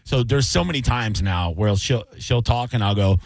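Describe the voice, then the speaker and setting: A middle-aged man co-hosting a radio show, chatting in a relaxed, rambling, self-mocking way. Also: fairly low pitch, normal speed, creaky, no room sound. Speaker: radio co-host. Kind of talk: casual radio chat.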